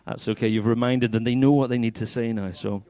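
A man's voice: medium pitch, level tone, fast talker, mellow, no echo. A man preaching as a pastor, playful and coaxing, getting the congregation to act out a Bible story. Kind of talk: interactive sermon with acted-out scripture. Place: church hall.

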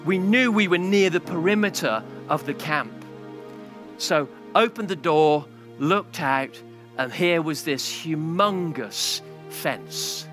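A man's voice: on the high side, slow, a bit bright, faint music behind. A male pastor preaching a sermon, telling a story and building to a passionate climax.

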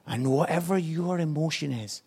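Gravelly high-voiced preacher. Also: male voice, moderate pace. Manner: impassioned, swinging from hushed to loud. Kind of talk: sermon.

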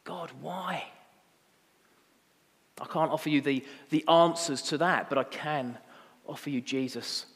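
A man delivers a sermon, swinging between fervent emphasis and hushed, slowed reflection. His voice sits a touch high. The church around him adds a long, lingering reverb. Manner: impassioned preaching, quieter and slower when reflective. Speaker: pastor.

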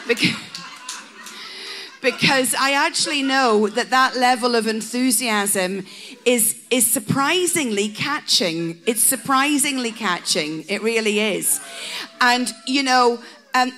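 Woman preaching, slow and high. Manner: humorous asides that build to a passionate shouted climax. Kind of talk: sermon.

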